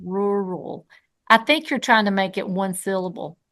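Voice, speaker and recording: A woman's voice: mid-range voice, lively intonation, brisk, fairly bright tone. A woman co-hosting a podcast, bantering in a teasing, playful way. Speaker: podcast co-host. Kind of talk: casual podcast chat.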